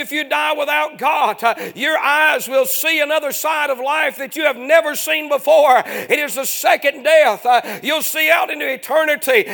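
High-pitched gravelly preacher. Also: male voice, sharp tone. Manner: chanting, drawn-out phrases with frequent "uh". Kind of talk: fiery revival sermon.

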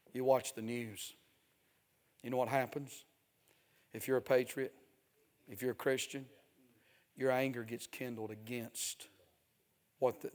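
A male preacher delivering a sermon, dropping to near hushes and then building to loud, emphatic stretches punctuated with "Amen.". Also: mid-range voice. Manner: swings from hushed to shouting, repeats "Amen".

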